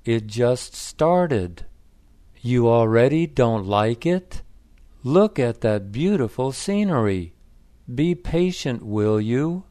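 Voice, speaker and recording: Coaxing husband, read by a man, slow pace, smooth, dry close sound. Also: mid-range voice, lively intonation, mellow. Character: puzzled husband, coaxing his wife.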